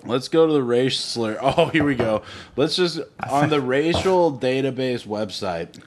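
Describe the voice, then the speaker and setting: Slow-talking man in crude podcast banter. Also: mid-range voice, expressive, background noise. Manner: joking, laughs often, reads aloud from screen. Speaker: podcast co-host.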